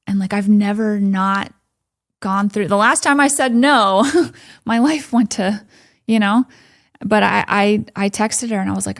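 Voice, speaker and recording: A woman's voice: medium pitch, steady tone, normal speed, gravelly. A woman giving a candid personal testimony as a podcast guest, quoting her own thoughts. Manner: candid storytelling with quoted inner thoughts and soft laughs.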